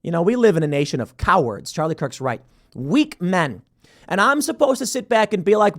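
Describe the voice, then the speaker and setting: Animated male political commentator, highish voice. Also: moderate pace. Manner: animated, emphatic, sarcastic asides. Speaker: show host and commentator.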